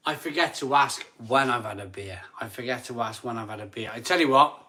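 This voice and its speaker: A man hosting a casual live stream from home, chatting excitably and counting likes aloud. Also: medium pitch, a little fast, few pauses.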